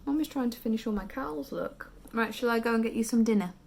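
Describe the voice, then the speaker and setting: A tired British woman in her thirties, chatting casually to camera as a vlogging mother, often dropping into quiet whispered asides. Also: a little high, quick pace, creaky. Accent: British English. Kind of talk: casual vlog chat.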